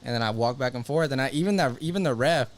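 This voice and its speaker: A young man, a fighter guest on a casual podcast, telling animated stories with lots of swearing and acted-out quotes. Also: medium pitch, quick pace.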